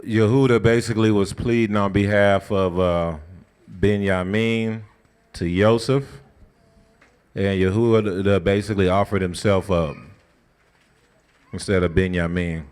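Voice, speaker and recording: Low-voiced man teaching scripture casually. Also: a little slow, long pauses, clean tone. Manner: conversational, colloquial, animated storytelling. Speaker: Bible study teacher.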